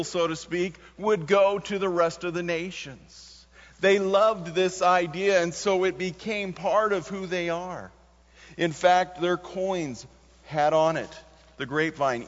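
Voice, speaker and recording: A man preaching a sermon as pastor. He moves between quiet passages and emphatic lines, stressing key words. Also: high-pitched. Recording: muffled sound with long hall reverb.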